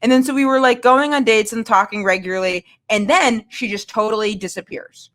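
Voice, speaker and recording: A guest comedian with a highish, fairly bright voice tells a candid, self-mocking dating story at a brisk clip. She rambles, filling it with filler words.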